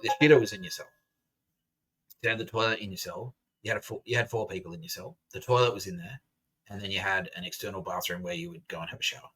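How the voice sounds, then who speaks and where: Male podcast host, bright edgy tone, profane sarcastic rant with laughs. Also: fairly low pitch, rough recording. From Australia. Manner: profane, sarcastic, laughs through his words. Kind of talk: casual ranting monologue.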